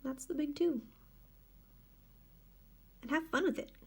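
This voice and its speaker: A woman's voice: sits high, unhurried. A woman hosting a casual home tutorial, chatting unhurriedly and narrating each step as she works in her dining room. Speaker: nail tutorial host. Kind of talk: casual how-to demonstration.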